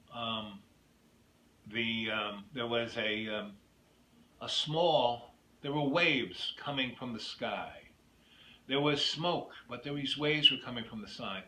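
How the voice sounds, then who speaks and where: A man's voice: mid-range voice, pushed and bright. A man hosting his own video, telling a rambling personal story that drifts off into opinions. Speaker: YouTube host. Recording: echoey room with faint noise.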